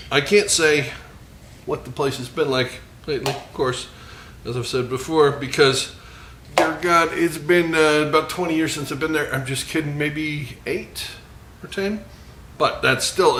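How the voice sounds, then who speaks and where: A man's voice: on the high side, unhurried, roomy sound, noisy background. A man hosting a casual cooking demonstration, chatty, with self-deprecating asides. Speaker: cooking show host. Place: outdoor grill and home kitchen.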